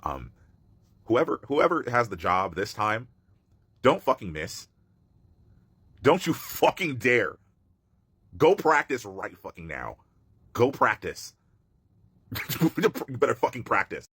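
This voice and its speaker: A man's voice: medium pitch, sing-song, slow pace, pauses often, fairly bright tone, husky, dry recording. A man giving a blunt, mocking social media rant, swearing freely. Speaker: clipped commentator.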